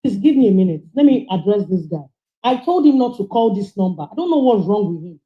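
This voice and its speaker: A woman's voice: medium pitch, sing-song, a little fast, reverberant, muffled recording. A woman giving passionate, scolding commentary on a livestream as she reads out charges.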